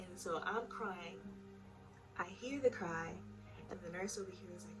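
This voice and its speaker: A woman's voice: fairly low pitch, moderate pace, vocal fry. A young woman telling her own story in a casual, emotional way, speaking straight to her viewers. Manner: chatty, emotional, addresses viewers directly. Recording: voice a bit far from the mic with music behind. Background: background music.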